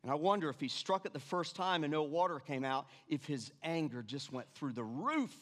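A man preaching a sermon, animated, repeating his lines and dropping suddenly to quiet. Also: on the high side, normal speed. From Irish family background. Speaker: pastor. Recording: long reverb of a church hall.

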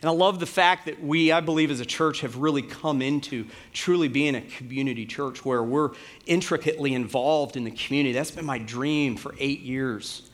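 A middle-aged man, the pastor, preaching a sermon in a relaxed, conversational way, telling a story with plenty of fillers. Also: mid-range voice, normal speed. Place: church.

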